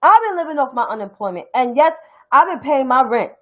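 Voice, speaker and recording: Very animated and fairly quick, a young adult woman from New York City with a New York accent fires off a blunt, profane, heated political rant on her own stream. Her voice is high-pitched with a fairly bright tone, and the highs are cut off in the audio.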